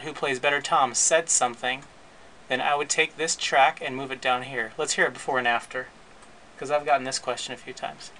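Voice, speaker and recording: A man hosting his podcast, casually walking through his recording and editing setup in a relaxed, rambling way with frequent restarts. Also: medium pitch, a little hiss or hum, low-quality recording. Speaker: podcast host and editor. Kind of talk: casual gear walkthrough.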